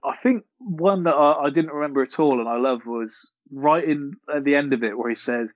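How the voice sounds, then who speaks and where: A man co-hosting a relaxed film chat, recalling favourite quotes. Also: on the high side, normal speed, dry recording, muffled recording. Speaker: podcast co-host.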